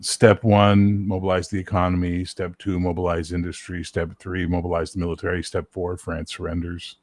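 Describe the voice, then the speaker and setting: A man's voice: deep voice, monotone, moderate pace. A man in casual chat as a podcast co-host, dropping dry jokes and short replies. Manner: dry joke-teller with short backchannel replies.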